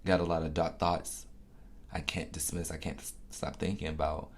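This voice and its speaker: A man hosting his own podcast, talking in a candid, confessional way with casual swearing and soft, reflective asides. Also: very deep voice, fairly even intonation, normal speed, slight background noise.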